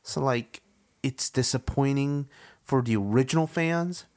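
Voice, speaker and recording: A man's voice: medium pitch, a little slow, darkish tone. A man co-hosting a podcast in casual chat, opinionated and teasing, often breaking into laughter. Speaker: podcast co-host.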